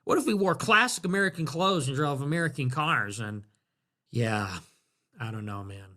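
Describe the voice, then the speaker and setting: A man hosting a livestream, rambling sarcastically, laughing often, swearing and dropping into low mutters. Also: animated, normal speed, sharp tone. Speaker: livestream host. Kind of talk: casual livestream commentary.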